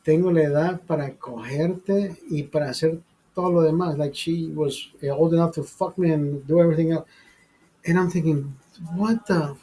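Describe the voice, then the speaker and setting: A man's voice: fairly high pitch, moderate pace, mellow, slightly rough, low-quality recording. A man hosting a live stream, telling a personal story in a rambling, profane way full of fillers and restarts. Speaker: show host telling a story. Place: studio.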